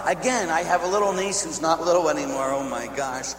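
A slightly high-voiced man preaches a sermon full of stories, loud and animated one moment and soft and intimate the next. His voice rings through a big reverberant hall, over a faint hum. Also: normal speed. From Pittsburgh, USA. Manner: dramatic, swings from shouting to hushed; tags lines with "huh?". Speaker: priest. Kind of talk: storytelling sermon.

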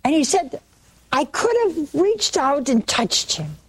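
A woman preaching, retelling a saint's vision with quoted dialogue and halting restarts. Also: sits high, big pitch swings. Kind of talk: sermon storytelling.

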